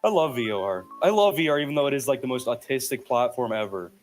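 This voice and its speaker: A man's voice: medium pitch, animated, fast talker, soft background music. Young man rambling through profane stories. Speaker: podcast host. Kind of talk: casual chat. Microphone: headset.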